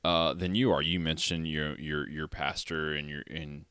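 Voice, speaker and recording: A man hosting a podcast, talking reflectively in a relaxed conversation. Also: very deep voice, smooth, no room sound, clean studio sound. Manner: reflective, measured. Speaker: podcast host.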